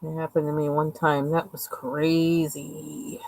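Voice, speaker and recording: A woman's voice: sits low, level tone, takes it slowly, vocal fry, darkish tone, a little hiss or hum, poor audio. A woman chatting casually and rambling with lots of fillers while she colors on a livestream. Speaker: livestream host.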